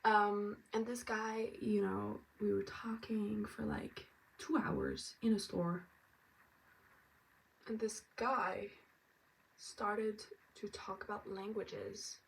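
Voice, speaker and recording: A tired woman from France chatting casually as she gets ready, rambling and now and then dropping to a soft whisper. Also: mid-range voice, fairly even intonation, takes it slowly, vocal fry. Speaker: vlogger. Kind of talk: casual get-ready-with-me chat. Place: at home getting ready. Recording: distant mic, faint room ambience.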